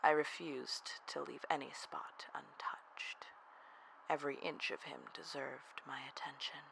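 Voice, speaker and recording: A narrator telling a first-person erotic audio story in a soft, half-whispered, breathy delivery. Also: mid-range voice, flat delivery, unhurried, poor audio.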